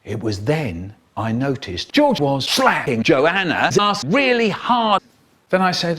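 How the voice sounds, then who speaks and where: An older man narrating a comic story theatrically, swinging between hushed asides and sudden bursts. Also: a little high, big pitch swings, slow pace, breathy edge.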